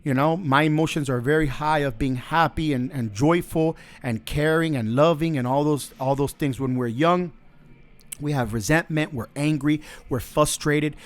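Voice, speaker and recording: Earnest, preachy man, slightly high voice. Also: moderate pace. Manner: earnest, preachy, faith-based advice; repeats phrases while building a point. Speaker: podcast host. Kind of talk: motivational monologue.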